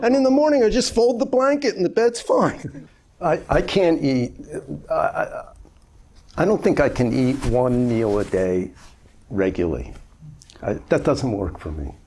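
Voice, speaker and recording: Older man in his 70s, Zen teacher; husky, animated delivery, conversational and lightly humorous. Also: a little high, a little slow. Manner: conversational, gently humorous storytelling. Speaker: Zen master. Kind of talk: informal dharma talk answering a question.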